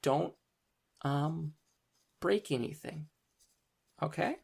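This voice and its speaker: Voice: mid-range voice, drawn-out words, gravelly, a little mellow, slightly rough, pitched above the performer's own voice, heavily acted. A game master voicing a polite, flustered woman librarian who talks hesitantly with many ums. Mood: polite, fussy.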